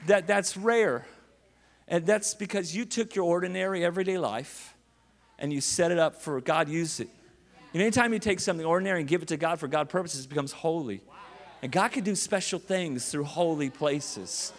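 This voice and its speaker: A man preaching as a guest speaker to a church, energetic and joking, with rising exclamations. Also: on the high side, a little fast. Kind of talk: sermon. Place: large church auditorium. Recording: long hall reverb with faint music.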